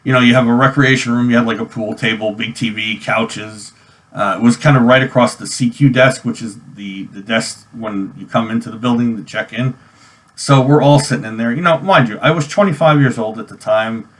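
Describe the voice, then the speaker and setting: A man's voice: mid-range voice, brisk, fairly bright tone. A man in his forties from New York, telling a personal army memory in a casual, rambling way full of restarts and fillers. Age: 40s. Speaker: army veteran vlogger. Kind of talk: personal storytelling vlog.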